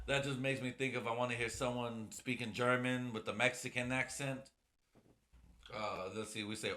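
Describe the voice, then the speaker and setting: Profane, rambling podcast host, male, sipping whiskey, bright tone in a roomy space. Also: mid-range voice, fairly even intonation, normal speed. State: drinking whiskey as he talks. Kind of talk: casual solo podcast chat.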